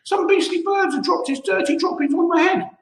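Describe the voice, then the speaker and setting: A man's voice: extremely high pitch, brisk, reverberant, distant mic, a little hiss or hum, pitched above the performer's own voice. A man voicing a fussy old woman who cries out in alarm, in a storybook reading. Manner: crying out, squealing.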